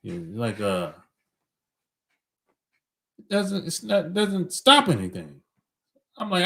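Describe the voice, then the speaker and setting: A man's voice: on the high side, huge pitch swings, slow pace, vocal fry, pauses often, a bit bright. A middle-aged man hosting a podcast, talking bluntly in a casual opinionated monologue, chuckling between points. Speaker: podcast host.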